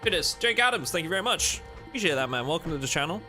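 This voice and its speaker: A man's voice: a little high, big pitch swings, fast, pushed and bright, soft background music. A man chatting casually and jokily with viewers while playing a game on a livestream. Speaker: streamer.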